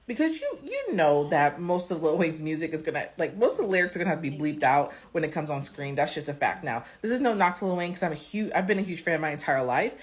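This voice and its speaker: Woman, low pitch, casual opinion video, conversational, questions to viewers. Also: sing-song, fast talker, hardly any pauses. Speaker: commentator.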